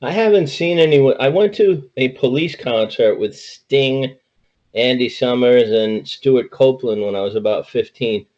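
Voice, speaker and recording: A man's voice: medium pitch, unhurried, darkish tone. A man co-hosting a podcast, asking chatty, enthusiastic questions in casual interview talk. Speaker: podcast co-host. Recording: muffled lo-fi audio.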